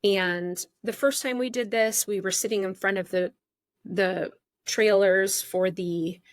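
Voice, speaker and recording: A woman's voice: mid-range voice, steady tone, measured pace, dry recording, studio quality. A middle-aged woman hosting a podcast, telling a story in a candid, chatty way that jumps around. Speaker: podcast host. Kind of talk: casual storytelling.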